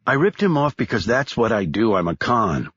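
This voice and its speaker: A male narrator voicing a tough, sharp-tongued woman con artist who snaps back defiantly. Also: on the low side, very animated, moderate pace, husky, no echo, highs cut off, full character voice. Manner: snappish and defiant, rising to a shout in alarm.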